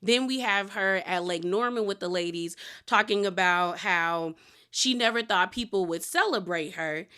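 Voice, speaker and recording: A woman giving a casual, animated recap of a reality TV episode, chatty and exclaiming as she acts out quotes. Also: medium pitch, normal speed, smooth.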